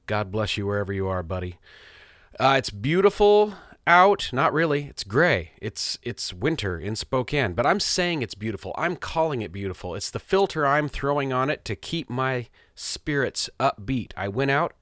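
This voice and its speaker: A middle-aged man hosts his podcast from a small home studio, telling a story in a rambling, self-amused, casual monologue. His mid-range voice swings widely in pitch at a moderate pace and sounds a bit bright. The recording is dry and studio quality.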